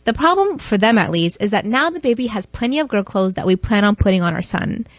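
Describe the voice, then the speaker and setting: Quick, blunt young mother telling a story. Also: medium pitch, lively intonation, dry recording. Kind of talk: casual first-person storytime narration.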